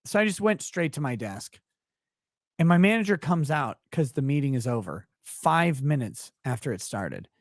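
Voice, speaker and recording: A man telling a story as a guest in a casual conversation. He talks in an animated, profane way, laughs often, and sounds tired, yawning as he talks. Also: fairly high pitch, moderate pace, dry recording, studio quality. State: tired, yawning while talking. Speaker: podcast guest.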